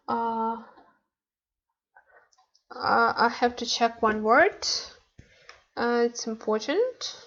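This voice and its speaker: A woman's voice: a little high, extremely slow, pauses often, a bit bright, lo-fi sound. A woman teaching a Korean language lesson online, speaking hesitantly with many fillers and repeating words for practice.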